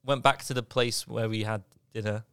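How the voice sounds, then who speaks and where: A man's voice: on the low side, steady tone, normal speed, fairly bright tone, clear, resonant tone, dry recording. A British man co-hosting a podcast, telling a rambling anecdote with self-mocking asides. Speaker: podcast co-host. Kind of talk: casual storytelling chat. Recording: dry close-miked studio sound.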